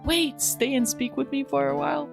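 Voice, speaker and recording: Woman doing a gallant outlaw guy, loud and declamatory, gravelly edge. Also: sits high, steady tone, normal speed, over music, voice pushed up. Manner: declamatory, old-fashioned heroic speech. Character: bold gallant male outlaw hero.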